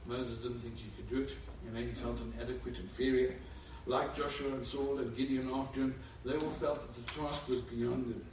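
A man preaching a sermon with animated storytelling, who lives in Africa. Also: mid-range voice, moderate pace, few pauses, slight background noise. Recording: echoey room, far from mic.

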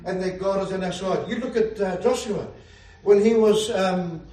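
Standing away from the microphone in an echoey room, this preacher sounds high and mellow at a normal speed. His sermon is fervent, full of hallelujahs and laughter at his own jokes.

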